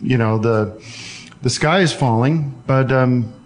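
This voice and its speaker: A man hosts a casual call-in show. He rambles in loose, halting phrases, circling back and restarting his thoughts. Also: mid-range voice. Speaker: podcast host taking calls.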